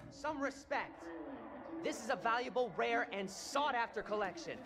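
An actor voicing a gruff young man, a touchy vinyl collector who snaps at his family. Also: extremely high pitch, normal speed, over music. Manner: gruff, snappy.

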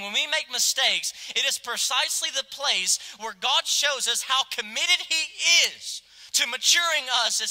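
A male pastor preaching a passionate sermon, swinging from loud exclamations to hushed, quiet asides. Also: extremely high pitch. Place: church sanctuary. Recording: long hall reverb.

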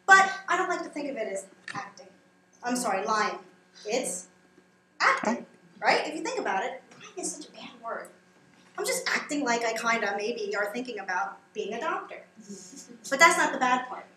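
A woman's voice: fairly high pitch, very animated, normal speed, bright, forceful tone, slight background noise. A woman performing a stand-up comedy monologue on a small theater stage, chatty and teasing as she jokes with the audience. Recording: roomy live room with audience.

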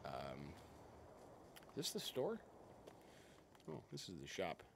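A man's voice: sits low, wildly swooping pitch, slow pace, gravelly, a little hiss or hum. A man hosting a casual let's-play stream, chatting and greeting viewers by name. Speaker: game streamer.

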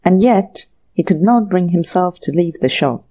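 An audiobook narrator reading a classic mystery story in measured, even scripted narration. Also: medium pitch.

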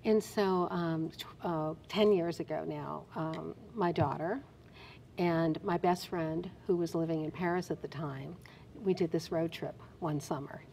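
A middle-aged woman from New Jersey, telling stories as an interview guest in an animated, emphatic way. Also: sits low, unhurried, creaky, a little hiss or hum. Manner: animated storyteller, expressive and emphatic. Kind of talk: casual interview chat.

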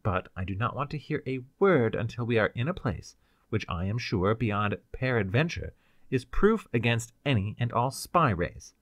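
Bossy scientist barking orders, lively, guy doing the voice. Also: mid-range voice, normal speed, dry recording. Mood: commanding. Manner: clipped, emphatic orders. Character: brusque senior scientist, commanding, secretly villainous.

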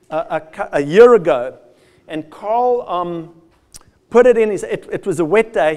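A man giving a lively, conversational field day presentation with slides, addressing farmers directly and joking at his own expense. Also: sits high. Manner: lively with self-deprecating asides. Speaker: soil health speaker.

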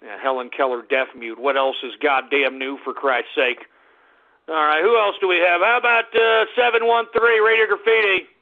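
Gravelly, abrasive man ranting on call-in radio. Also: a little high, fairly even intonation, normal speed. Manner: abrasive, yelling insults at callers. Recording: tinny lo-fi phone-line sound.

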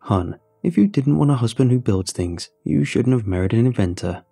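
A man voicing a proud, eager inventor father, coaxing and a bit raised in pitch. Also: animated, moderate pace, creaky, mellow, breathy edge, soft background music.

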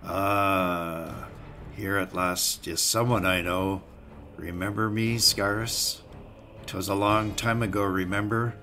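A man's voice: low-pitched, little pitch movement, slow pace, sharp tone, a little hiss or hum, heavily acted. A man voicing a vengeful, contemptuous raider chief who sneers as he talks. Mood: gloating.

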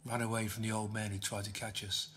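A man voicing Z, a curt, hushed young woman. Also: on the low side, flat delivery, quick pace, slight background noise, close to an everyday voice. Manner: curt, hushed, often whispering. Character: young woman guide, tough, secretive and blunt.

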